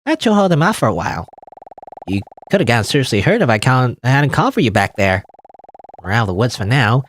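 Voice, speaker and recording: A man voicing a kind young woman in a game who calms and reassures a friend. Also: medium pitch, quick pace, a little hiss or hum, close to an everyday voice. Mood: reassuring. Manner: soothing, reassuring.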